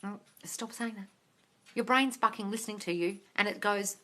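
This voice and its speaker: A woman's voice: medium pitch, normal speed, bright, forceful tone. An Australian woman hosting a live Q&A, reading out viewer comments and answering them bluntly, with plenty of swearing and calling people darling. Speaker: live-stream host answering viewer questions.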